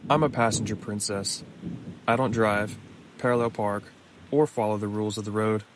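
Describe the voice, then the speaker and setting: A man reading scripted horror stories aloud in a measured, low-key way. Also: steady tone, noisy background. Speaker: narrator. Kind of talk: scripted horror story narration. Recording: music clearly behind the voice.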